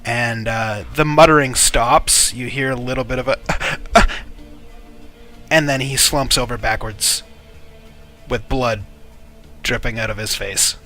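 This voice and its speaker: A man's voice: medium pitch, measured pace, pushed and bright, soft background music. A man narrating a tabletop game as game master in a loose, rambling way. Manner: loose, rambling descriptions with fillers.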